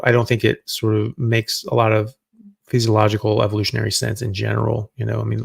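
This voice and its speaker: A man's voice: fairly low pitch, gravelly, dry recording. A middle-aged man, a doctor hosting a live Q&A, answering viewer questions in a loose, conversational way as he thinks aloud.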